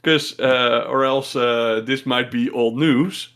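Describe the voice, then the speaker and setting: A male podcast host in casual chat, hesitant and full of "uh" and restarts. He laughs easily and speaks at an ordinary middle pitch. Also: fairly even intonation, slow pace, a bit bright.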